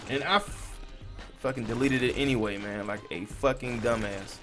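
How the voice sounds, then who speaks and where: A young man with a mid-range, fairly bright voice speaks at normal speed over soft background music. He hosts a gaming channel, giving casual let's-play commentary full of swearing, sounding frustrated and talking to his viewers as he plays.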